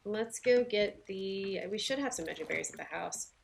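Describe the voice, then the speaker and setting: A woman's voice: medium pitch, normal speed, creaky, a little hiss or hum. A woman with a light Southern US accent streaming a game, chatting casually with viewers and laughing often. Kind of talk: casual livestream chat while playing.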